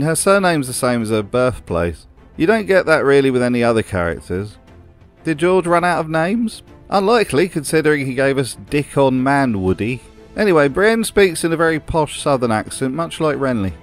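A man's voice: mid-range voice, sing-song, normal speed, soft background music. A man hosting a comedic video essay, narrating in a dry, sarcastic way. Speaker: host.

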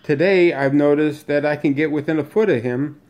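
A man's voice: normal speed, darkish tone, dull audio. A man casually narrating a home video about his pet parakeets. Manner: talks to the bird in a high coaxing sing-song. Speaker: pet bird owner filming his parakeets. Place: room at home with birds.

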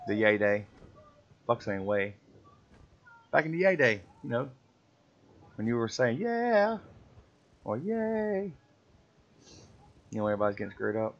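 A fairly low, creaky male voice moves a little fast but pauses often. He's a gamer streaming with friends, joking at their expense in slang and doing silly voices in casual chat over play, heard through muffled lo-fi sound with faint music.

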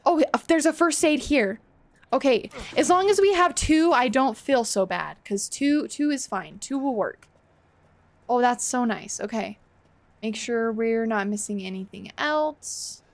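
A woman's voice: fairly high pitch, expressive, unhurried, no room sound. A woman live-streaming a game, chatting to viewers, swearing freely and laughing often.

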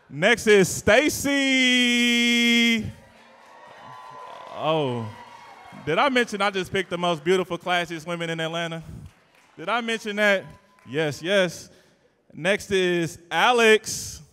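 A man hosting a live event, working the crowd in a loud, teasing, playful way with sudden shouts. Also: sits high, measured pace. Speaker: event host and emcee. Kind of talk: live hype emcee to a crowd. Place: live event venue indoors. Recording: long reverb of a big event hall.

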